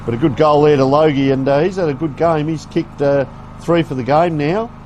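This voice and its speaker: Male commentator, folksy live play-by-play, slightly high voice, faint outdoor noise behind. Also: steady tone, fairly quick, darkish tone. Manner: chatty, folksy play-by-play with asides. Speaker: sports commentator. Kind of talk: live local football commentary. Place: outdoor football ground.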